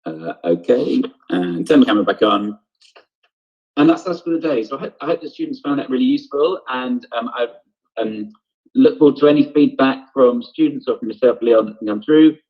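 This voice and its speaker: A man's voice: medium pitch, expressive, brisk, slightly rough. A man teaching an online drama lesson over a video call, explaining step by step and often checking in with "okay?". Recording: dull lo-fi video call audio.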